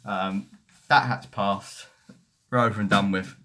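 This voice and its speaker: A man's voice: fairly low pitch, steady tone, measured pace, fairly bright tone. A young man hosting a football fan live stream, chatting casually and swearing as he reads comments. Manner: sweary, mocking banter. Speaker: football fan livestream host.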